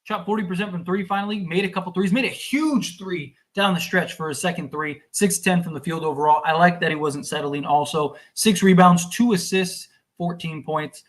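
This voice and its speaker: A man hosting a sports livestream, fuming and exasperated as he rants and recaps the game, sometimes shouting. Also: sits high, normal speed, few pauses. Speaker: sports podcast host.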